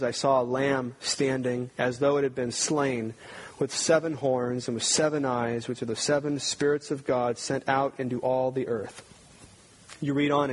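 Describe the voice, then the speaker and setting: A man's voice: mid-range voice, rough recording. A man preaching a sermon as pastor, talking conversationally with frequent restarts and building to emphatic readings of scripture.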